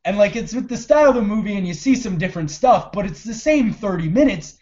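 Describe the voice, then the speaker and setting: A man talking through movies with a co-host in loose, animated chat, swearing freely and acting out scenes as he goes. His voice sits a bit high, and the recording sounds dull and lo-fi. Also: quick pace. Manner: animated, profane, quotes scenes in put-on voices. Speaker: podcast co-host. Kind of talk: casual movie review chat.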